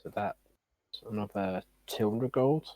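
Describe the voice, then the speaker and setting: A hesitant man playing a tabletop game, stumbling through fillers and then rushing some phrases. His voice sits fairly low, and the sound is close and dry. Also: dark tone, dry recording, rough recording. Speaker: player. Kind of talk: casual tabletop play.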